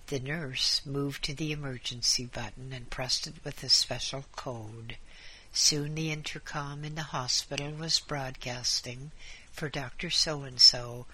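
A man narrates a story aloud in a measured, dramatic manner. His voice is bright and breathy, and he takes his time over each line. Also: medium pitch. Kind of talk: story reading.

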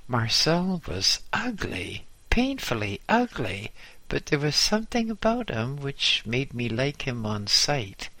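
A man narrating a memoir audiobook in a measured, dryly humorous way. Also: mid-range voice, big pitch swings, bright, forceful tone, no room sound.

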